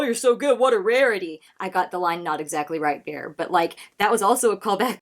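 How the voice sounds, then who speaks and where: Excited woman gushing over a track. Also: mid-range voice. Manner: excited, gushing, laughs often, repeats phrases. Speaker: music reaction host. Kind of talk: casual reaction commentary.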